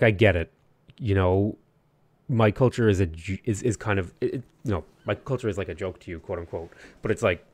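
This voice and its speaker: A low-voiced Irish man, recorded with no echo, loosely chats through a strategy game stream while going over viewer comments. His rambling delivery leans heavily on "like" and keeps restarting sentences.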